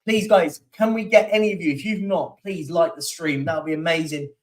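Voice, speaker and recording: A man's voice: on the high side, fairly even intonation, a little fast, distant mic. A man hosting a casual live stream, rambling through football stats and viewer comments with lots of fillers. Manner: rambling, chatty, reads out stats with many fillers. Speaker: livestream host.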